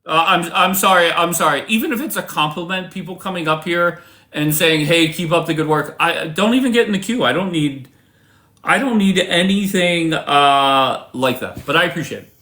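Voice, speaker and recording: A man's voice: a little high, moderate pace, sharp tone. A man hosting a livestream debate, combative and mocking, often interrupting his callers.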